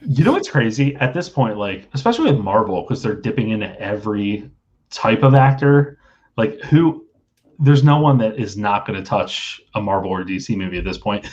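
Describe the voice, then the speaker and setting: The muffled recording carries a man's fairly low, darkish, expressive voice at normal speed as he hosts a casual online trivia night. He reads the questions and jokes and chats loosely in between, keeping things easygoing.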